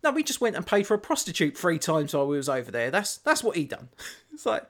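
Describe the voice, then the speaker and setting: A man's voice: on the high side, big pitch swings, fast talker. A man co-hosting a podcast, telling a story in a rambling way, full of fillers and restarts. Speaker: podcast co-host. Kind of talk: casual chat.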